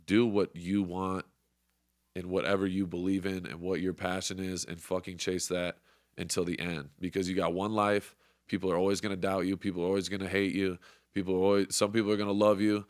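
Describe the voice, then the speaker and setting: Young male podcast host, low smooth voice, hyped and profane, dry close sound. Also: dry recording. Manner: fired-up, profane, motivational. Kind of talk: casual sports podcast chat.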